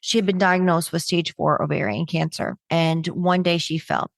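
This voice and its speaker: A woman's voice: lowish voice, fairly even intonation, moderate pace, gravelly, dry recording, studio quality. A middle-aged woman giving a webinar talk in a stand-up comedy style, brash and joking with punchy delivery. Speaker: webinar speaker on humor.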